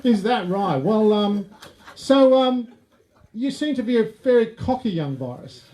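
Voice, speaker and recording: A prim male TV interviewer, played by a man questions his guest in stiff, mock-formal phrases in a live comedy sketch. His voice sits high for a man. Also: animated, unhurried, mellow.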